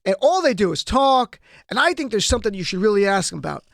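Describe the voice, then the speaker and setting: A man's voice: high voice, big pitch swings, fast, gravelly, a bit bright, no room sound, studio quality, full character voice. A man reading quotes in a light impression of a brash, boastful male politician, blunt and repetitive.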